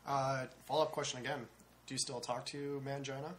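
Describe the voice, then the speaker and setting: A young man chatting on a comedy talk show, hesitant and halting as he starts his story. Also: mid-range voice, level tone, crowd noise. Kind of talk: casual chat.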